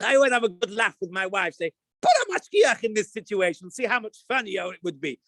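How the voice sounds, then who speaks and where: A man, a rabbi, talking casually about kosher supervision, acting out little scenes and now and then bursting into shouts. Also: high-pitched, brisk, no echo. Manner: animated storyteller, acts out scenes, jumps to shouts. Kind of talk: casual talk to camera.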